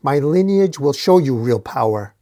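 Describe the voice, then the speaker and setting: A man voicing a ruthless, boastful male dwarf warlord who threatens with slow, grand declarations. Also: medium pitch, lively intonation, warm tone, natural voice.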